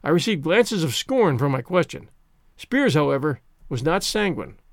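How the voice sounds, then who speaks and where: A man narrates a story in the first person, his voice sitting high and swinging widely in pitch. The reading is expressive and animated. The recording is dry and close. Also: normal speed, creaky, no echo. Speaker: audiobook narrator.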